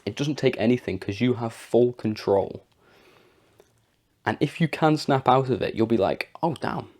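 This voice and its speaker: A man's voice: medium pitch, moderate pace, a little mellow. A young man giving a rambling, chatty motivational talk, full of fillers, with a sore throat. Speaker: vlogger. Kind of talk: casual motivational talk to camera.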